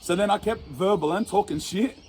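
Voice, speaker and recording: A man's voice: high voice, fairly quick, darkish tone, breathy edge. A man with an Australian accent telling a rambling, profane story in casual slang and laughing at himself. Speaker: storyteller in an interview clip.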